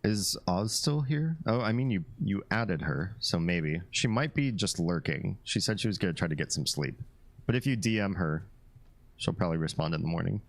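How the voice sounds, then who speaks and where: Speaking fairly quickly in a very deep, low voice, a man chats comfortably with his live-stream audience. He's laid-back and talkative, reading viewer comments aloud and laughing frequently along the way.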